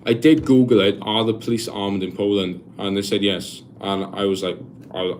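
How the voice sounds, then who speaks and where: A man's voice: lowish voice, level tone, moderate pace, a little mellow, a little hiss or hum. Chatty young Welsh man on a live stream. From Wales. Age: 20s. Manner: rambling, chatty, many restarts and fillers; reads viewer comments aloud and answers them. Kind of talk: casual live-stream chat.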